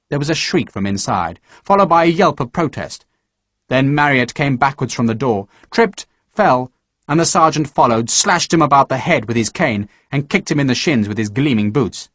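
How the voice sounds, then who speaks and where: A man narrating an audiobook in a measured, expressive storytelling manner, recorded close to a studio microphone. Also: mid-range voice, no echo. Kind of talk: scripted narration.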